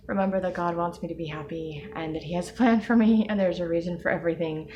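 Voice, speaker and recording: Low-voiced teary woman vlogging. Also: mellow, lo-fi sound, slight background noise. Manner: emotional, near tears, with many pauses and fillers. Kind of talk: personal video diary. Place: at home.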